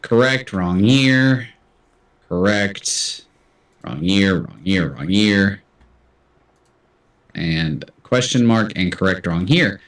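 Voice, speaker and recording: A man's voice: lowish voice, takes it slowly, pauses often, fairly bright tone, reverberant, distant mic. A man hosting a casual livestream trivia game, chatty and self-deprecating as he reads out answers. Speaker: trivia host.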